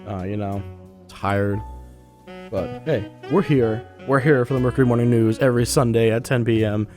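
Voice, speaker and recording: A young man hosts a student radio podcast, chatting loosely with plenty of fillers before moving on to read the news. His medium-pitched voice sounds congested and short of breath, at a normal speed over music.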